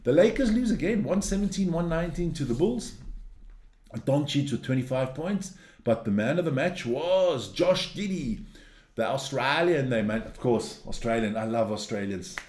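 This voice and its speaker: A man's voice: mid-range voice, animated, moderate pace, a little mellow, echoey room. A man hosting a sports news show, reading through results in a casual, blunt and opinionated way, ranting and cursing as he goes.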